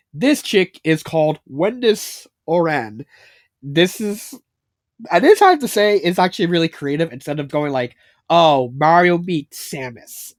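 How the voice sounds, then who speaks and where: With a fairly high-pitched voice and clean studio sound free of echo, this man gives a loose spoken review of fanfiction. He rambles, swears, leans heavily on fillers, and laughs often.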